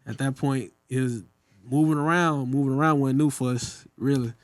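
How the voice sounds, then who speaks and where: A man's voice: medium pitch, moderate pace, dry recording. A young man from Mississippi with a Southern accent, telling stories as a podcast guest and acting out the people he quotes. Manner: animated storyteller acting out quoted voices. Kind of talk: casual podcast storytelling.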